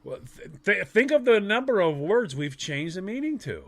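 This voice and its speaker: A man's voice: sits high, sing-song, moderate pace, fairly bright tone. A man co-hosting a podcast, talking in playful, rambling casual banter. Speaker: podcast co-host.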